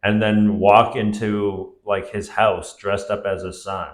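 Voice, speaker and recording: A man's voice: lowish voice, level tone, slow. A man from Canada, a comedian guest, riffing absurd jokes in casual chat. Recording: echoey room.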